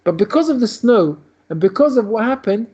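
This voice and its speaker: High-voiced man telling a story over a video call. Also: expressive, fairly quick, mellow, slightly rough. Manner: loose, run-on retelling. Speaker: rabbi teaching. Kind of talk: storytelling lesson. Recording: dull lo-fi video call audio.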